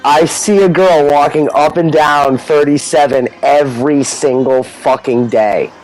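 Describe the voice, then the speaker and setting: A man co-hosting an uncensored radio show, chatting in an animated, profane, self-mocking way. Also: on the high side, unhurried, soft background music, rough recording. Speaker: radio co-host. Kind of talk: uncensored casual radio chat.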